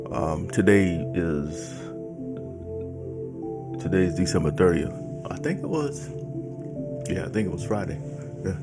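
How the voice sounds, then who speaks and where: A man with a very deep voice chats in a laid-back, folksy way and reads aloud from his own novel. Steady music plays clearly under his voice. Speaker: author and vlogger reading his novel. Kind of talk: casual vlog chat and reading aloud. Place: home office.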